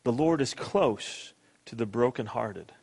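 Earnest pastor with reverb. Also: male voice, mid-range voice, animated, measured pace, gravelly, slightly rough. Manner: earnest, emphatic preaching with soft prayerful drops. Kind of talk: sermon.

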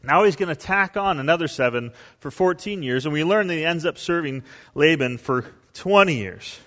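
A male pastor preaching a sermon, telling stories and acting out quotes with big swings in pitch and volume. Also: expressive, normal speed, pushed and bright, big-room sound.

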